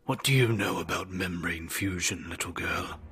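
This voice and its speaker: A man voicing a genial older male mad scientist turned fanatic, speaking softly and often in a whisper. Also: deep voice, moderate pace, a little hiss or hum. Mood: menacing.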